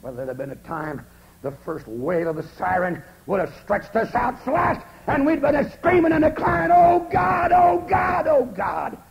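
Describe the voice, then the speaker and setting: A man preaching a holiness revival sermon at a camp meeting, swinging from hushed storytelling to shouted fervor. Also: sits high, animated, moderate pace, vocal fry, lo-fi sound. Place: large camp meeting service.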